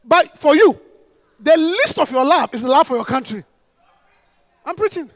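A man delivers an animated sermon, often laughing and breaking into shouts. His voice sits very high and swings up and down in pitch. The sound is close and dry. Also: moderate pace, no echo. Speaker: preacher.

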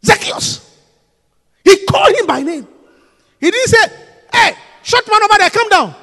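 A man preaching a sermon, emphatic and repetitive, swinging between hushed lines and shouts. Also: very high voice, animated, measured pace, in a large hall.

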